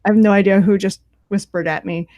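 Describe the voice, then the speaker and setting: A woman's voice: mid-range voice, steady tone, a little fast, a little mellow, no echo, dull audio. A woman playing a tabletop game, talking hesitantly and thinking aloud. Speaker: player. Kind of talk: casual tabletop play.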